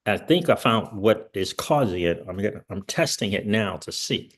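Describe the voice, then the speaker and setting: A man hosting a crypto vlog, ranting in an excitable way, repeating his questions and laughing between lines. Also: on the low side, moderate pace. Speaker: crypto channel host.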